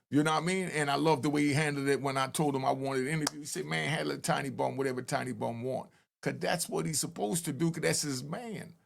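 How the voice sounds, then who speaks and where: A man, talking straight to camera in an earnest, pleading commentary. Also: on the high side. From Harlem, New York. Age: 60s. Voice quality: gravelly. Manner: earnest, pleading, street-style talk with rising emphatic peaks. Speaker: channel host telling prison stories.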